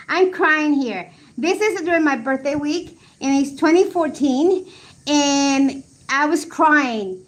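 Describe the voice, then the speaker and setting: A woman in her forties from Colombia with a high voice talks slowly as she hosts a live stream. She chats casually, laughs often and reminisces, reading comments from her chat between stories. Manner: chatty, laughs often, reminiscing over photos. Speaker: livestream host.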